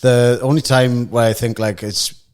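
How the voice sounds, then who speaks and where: Hesitant man, mid-pitched. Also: fairly even intonation. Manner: hesitant, halting, stumbles over words. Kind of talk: casual chat.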